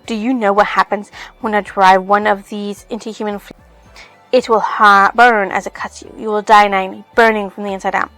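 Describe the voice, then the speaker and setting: A woman voicing a grieving, furious young man, reading his threats in a low, tense tone. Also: steady tone, a little fast, a bit bright, faint music behind, close to an everyday voice, poor audio. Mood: threatening.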